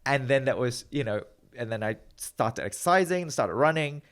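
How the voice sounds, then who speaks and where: Male guest: lively-pitched, candid and reflective in casual conversation. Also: moderate pace, clean tone. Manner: open, reflective, laughs easily. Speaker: podcast guest, metabolic researcher.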